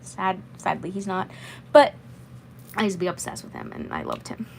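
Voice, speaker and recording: A woman's voice: mid-range voice, huge pitch swings, moderate pace, gravelly, slight background noise, low-quality recording. A woman in her twenties chatting casually on a livestream, rambling and repeating herself. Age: 20s. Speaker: vlogger.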